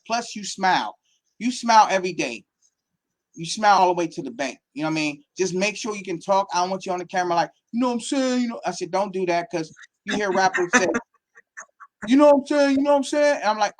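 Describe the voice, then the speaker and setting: Man, high voice, lively storyteller, casual interview chat, football coach. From Pittsburgh. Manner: animated storytelling, acts out quotes. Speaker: football academy coach and guest.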